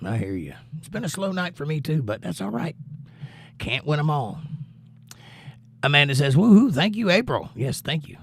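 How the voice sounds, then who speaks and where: A man's voice: on the high side, big pitch swings, moderate pace, long pauses, breathy edge, no echo. A male livestream host and musician, reading out viewer comments and answering them in a casual, laid-back way.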